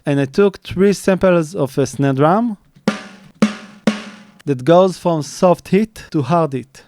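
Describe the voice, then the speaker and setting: A man's voice: on the high side, darkish tone, clean tone. A man, a mixing engineer, walking through a studio tutorial step by step in a plain manner, often restarting and using fillers. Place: recording studio. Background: faint drum playback.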